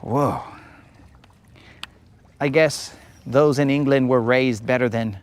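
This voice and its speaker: Speaking slowly at a medium pitch, this American man runs a fishing livestream from his boat outdoors. His banter with viewers is relaxed, full of jokes and slang.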